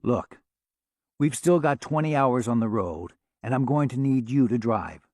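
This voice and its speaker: A wry, practical man on a long drive, in a narrator's own voice. He talks plainly and at an unhurried pace. The sound is dry and close. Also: mid-range voice, expressive, a little mellow, no echo. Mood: matter-of-fact.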